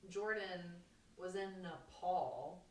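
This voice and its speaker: A woman guest on a podcast, telling a story in an animated, rambling way with many restarts, recorded in a home kitchen. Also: lowish voice, takes it slowly. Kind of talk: casual chat, storytelling. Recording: roomy kitchen, distant mic.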